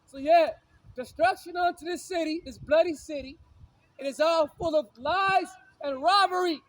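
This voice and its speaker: A man's voice: very high voice, normal speed, poor audio. A man preaching in a confrontational way, reading scripture aloud, repeating his lines and hurling insults. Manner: repetitive, insulting, shouts lines again and again. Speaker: street preacher.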